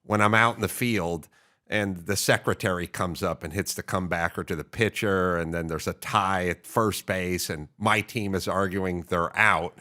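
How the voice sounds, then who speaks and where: A man's voice: deep voice, fairly even intonation, moderate pace, bright, forceful tone. A man hosting an unscripted interview, talking in a wry, anecdotal storytelling way. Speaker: podcast host, interviewer.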